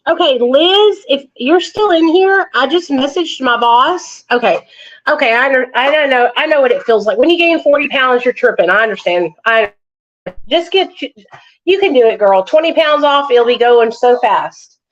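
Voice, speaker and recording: A woman's voice: high voice, expressive, moderate pace, muffled recording. Chatty woman on a phone livestream. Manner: chatty, talks straight to viewers, swears freely. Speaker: livestream host. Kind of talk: casual live chat.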